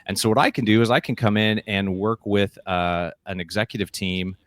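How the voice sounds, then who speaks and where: A man's voice: fairly low pitch, fairly even intonation, a little fast, a bit bright, dry recording, clean studio sound. A middle-aged man who is a guest on a podcast interview. He tells stories with energy and acts out the voices he quotes. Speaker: guest, keynote speaker and leadership coach.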